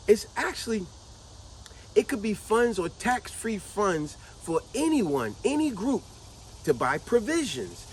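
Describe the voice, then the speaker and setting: A woman's voice: mid-range voice, a little mellow, a little hiss or hum, low-quality recording. A middle-aged woman giving casual commentary to her vlog audience, emphatic and repetitive, stretching out words to drive her points home. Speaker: vlogger.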